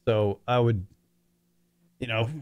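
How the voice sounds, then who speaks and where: A man's voice: mid-range voice, flat delivery, takes it slowly, smooth, muffled recording. A middle-aged man hosts a talk show, rambling with heavy swearing. His voice cracks with emotion as he speaks. The sound is dry and close, with no room echo. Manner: rambling, profane, choked up. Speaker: podcast host. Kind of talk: emotional casual monologue.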